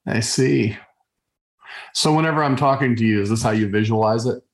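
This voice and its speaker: A middle-aged man chatting over a video call in a playful, joking way, often stopping and restarting his sentences. His voice sits at an ordinary pitch for a man. The room around him rings with a noticeable echo. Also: moderate pace. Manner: playful, joking, stop-and-start. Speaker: podcast co-host. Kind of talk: casual chat.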